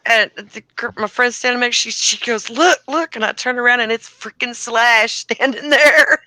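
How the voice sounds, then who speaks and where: A woman's voice: a little high, moderate pace, sharp tone, no room sound. An older woman with grandchildren telling concert stories in a casual online chat, bubbly and laughing.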